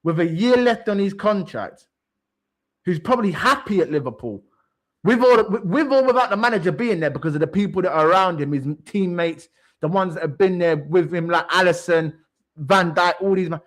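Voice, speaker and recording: A man's voice: high-pitched, moderate pace. A man, co-hosting a football talk show in a heated, casual rant, emphatic and repetitive, swearing freely.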